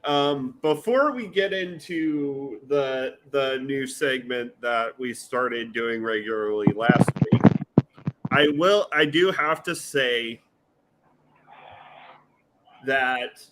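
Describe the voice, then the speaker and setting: A man's voice: medium pitch, slow, fairly bright tone, a little hiss or hum, poor audio. A man hosting a podcast in casual chat, hesitant, with many fillers and restarts. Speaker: podcast host.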